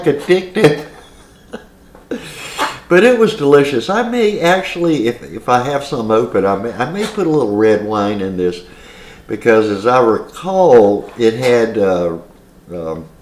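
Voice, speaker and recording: Low-voiced male cooking host, rambling and folksy, echoey kitchen with faint background noise. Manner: chatty, rambling with side stories and many fillers. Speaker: home cooking channel host. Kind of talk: casual cooking demonstration. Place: home kitchen.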